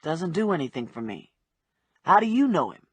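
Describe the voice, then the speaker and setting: A woman voicing a laid-back male cop who speaks low and quiet with a dry, teasing edge. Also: very animated, moderate pace, breathy edge, no room sound, heavily acted.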